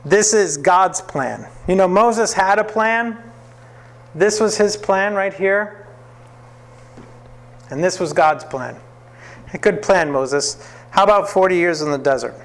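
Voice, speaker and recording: Man, Bible class teacher, lively storyteller, acts out quotes, slightly high voice. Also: takes it slowly, long pauses.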